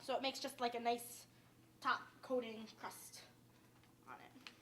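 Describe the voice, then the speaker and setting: A high-voiced young woman with a downstate New York accent chats her way through a home baking demo. She rambles and fills her talk with "like". A faint hum of room noise sits behind her. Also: flat delivery, unhurried, pushed and bright. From Westchester, New York. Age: young adult. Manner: chatty, rambling, says "like" often. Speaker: cooking show host. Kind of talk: casual cooking demonstration.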